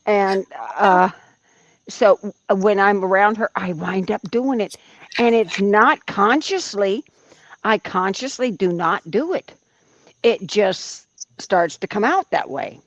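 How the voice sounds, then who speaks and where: A woman's voice: medium pitch, slow, dull audio, slight background noise. A woman in her seventies on a livestream, chatting and telling stories with frequent laughs. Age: 70s. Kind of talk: casual chat.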